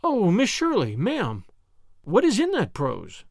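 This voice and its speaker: A man's voice: sits high, very animated, normal speed, no room sound, studio quality. A man reading an audiobook, voicing a blunt, devoted young servant girl with folksy, deferential speech. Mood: blunt, worried.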